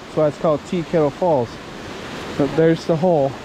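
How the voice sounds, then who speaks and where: A man's voice: fairly high pitch, fairly even intonation. A man, chatting casually and fatherly with his sons on a hiking trail, warning them and joking along the way. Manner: chatty, fatherly, warns and jokes with his kids. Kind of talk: casual vlog narration. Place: outdoors by a waterfall on a hiking trail. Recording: rushing waterfall noise.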